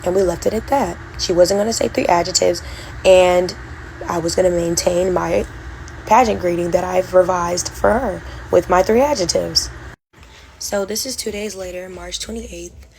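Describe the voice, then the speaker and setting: A young woman recounting a college incident in a detailed, measured storytime monologue. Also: fairly low pitch, steady tone, vocal fry, a little mellow, a little hiss or hum, poor audio. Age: young adult. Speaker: vlogger.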